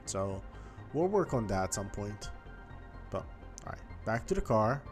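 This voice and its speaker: A man's voice: fairly low pitch, big pitch swings, unhurried, a little mellow. A man giving casual gameplay commentary, chatty and thinking aloud as he explores, with faint game music behind him. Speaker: gaming YouTuber.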